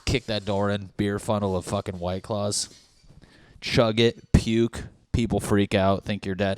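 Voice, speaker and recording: A man's voice: lowish voice, flat delivery, a little slow, a little hiss or hum. A young man hosting his own podcast, rambling and riffing with plenty of swearing and acted-out bits of dialogue. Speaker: podcast host. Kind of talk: solo podcast rant.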